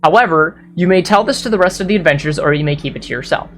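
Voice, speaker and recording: A woman with a notably low voice runs a tabletop game as game master. She describes scenes at length and breaks off now and then to apologize, while soft guitar music plays behind her. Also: racing. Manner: descriptive, apologetic asides, some slips.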